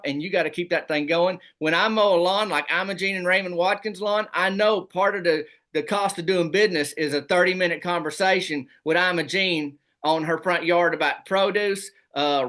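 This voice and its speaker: A man, a comedy guest telling boastful tall tales in a deadpan rural persona. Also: sits high. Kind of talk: comic storytelling in a rural persona.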